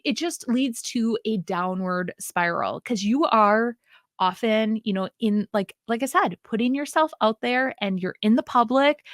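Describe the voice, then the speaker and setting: A woman's voice: on the high side, a bit bright, no room sound, studio quality. A podcast host, a woman from Wisconsin with a Wisconsin accent, talking in a chatty, sing-songy way with many fillers. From Wisconsin, US Midwest. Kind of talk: casual solo podcast monologue.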